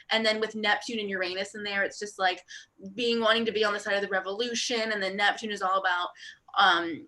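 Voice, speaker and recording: A young woman co-hosting a casual astrology chat, rambling through readings with lots of fillers. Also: mid-range voice. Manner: rambling, filler-heavy, animated. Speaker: astrologer co-host.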